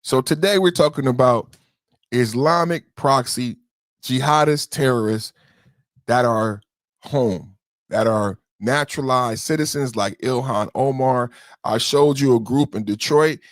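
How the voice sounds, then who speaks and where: A man's voice: mid-range voice, a little slow, no room sound. A man hosts a podcast in heated livestream commentary, emotional and profane. He circles back on his points and speaks straight to commenters. The sound is close and dry with no room in it. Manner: emotional, profane, repeats himself, talks straight to chat commenters. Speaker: podcast host.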